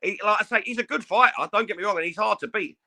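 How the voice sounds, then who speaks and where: A man's voice: sits high, rapid-fire, creaky, bright, forceful tone. A man co-hosting a casual boxing podcast, sounding fed up, stammering and swearing. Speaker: podcast co-host.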